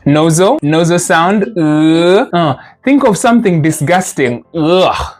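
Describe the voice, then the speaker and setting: A man's voice: high voice, lively intonation, normal speed, faint music behind. Patient man teaching pronunciation drills. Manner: patient, demonstrates sounds with repetition and drills. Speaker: language teacher. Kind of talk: classroom lesson.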